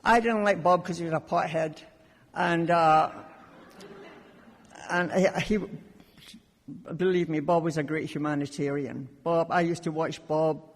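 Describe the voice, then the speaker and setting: A woman's voice: deep voice, steady tone, measured pace, long pauses. A woman from Scotland sharing her recovery story at a meeting, with wry, self-mocking humor. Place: large conference hall. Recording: long hall reverb.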